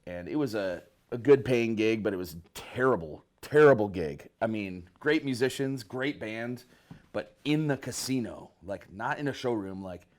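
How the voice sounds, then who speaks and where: A man from northern Michigan, a bass player guesting on an interview, telling rambling stories in a laid-back, slangy way. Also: lively intonation, moderate pace, darkish tone. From northern Michigan, USA. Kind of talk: casual storytelling interview.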